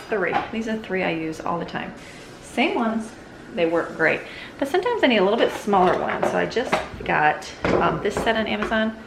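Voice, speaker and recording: Mom chatting while she walks around the house, bit of vocal fry, kitchen clatter and noise behind. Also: medium pitch. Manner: chatty, talks to kids and dog while walking around. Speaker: vlogger, mother. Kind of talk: casual home vlog chat. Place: family home, kitchen and bedrooms.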